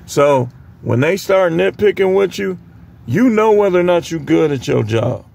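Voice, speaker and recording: Gravelly-voiced man telling work stories. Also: high voice, normal speed. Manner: animated, imitates other people's voices mid-story. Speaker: vlogger. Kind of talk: casual storytelling.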